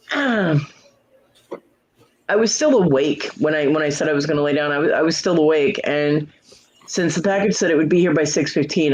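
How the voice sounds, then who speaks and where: A middle-aged woman hosting a casual livestream chat, telling a story with lots of swearing and jumping into high voices for quotes while greeting viewers. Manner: profane, animated storytelling with leaping voices for quotes. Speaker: livestream host. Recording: muffled lo-fi stream audio.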